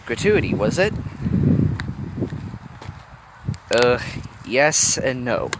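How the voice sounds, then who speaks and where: A man's voice: medium pitch, very animated, a little slow. A man playing a wry, teasing teenage girl. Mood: guarded. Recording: noisy phone recording outdoors.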